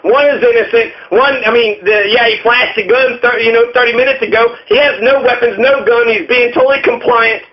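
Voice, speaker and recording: Male host, very high pitch, furious profane rant, muffled lo-fi sound. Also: fairly even intonation, fairly quick, few pauses. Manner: furious, swearing, repetitive. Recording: muffled lo-fi audio.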